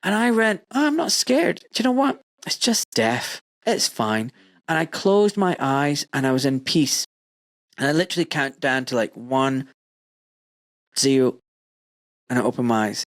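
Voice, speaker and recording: A middle-aged man with a British accent hosting a podcast, telling stories in lively casual talk, swearing freely and acting out voices. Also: mid-range voice, a little slow, long pauses, no room sound, studio quality. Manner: animated storyteller, swears freely, acts out voices. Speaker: podcast host. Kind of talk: casual conversation.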